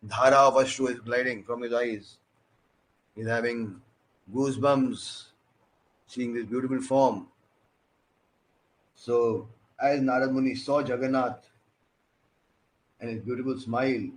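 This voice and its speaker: A man giving a storytelling sermon as a preacher, animated and often asking questions of his listeners. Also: mid-range voice. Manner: animated, with many "you know" fillers and questions to the audience.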